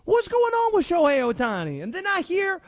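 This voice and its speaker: A radio host putting on a loud, twangy Southern character who calls his accent Cajun, excitable and rambling. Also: extremely high pitch, a little fast, no room sound, clean studio sound, voice pushed up, exaggerated voice. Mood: excited. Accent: put-on Southern, claimed Cajun. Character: Conspiracy Josh, loud twangy southern man.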